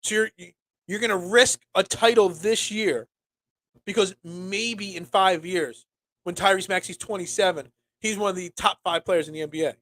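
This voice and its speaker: A young man hosting a casual solo sports talk show, rambling and animated with lots of restarts. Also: high-pitched, normal speed, no echo.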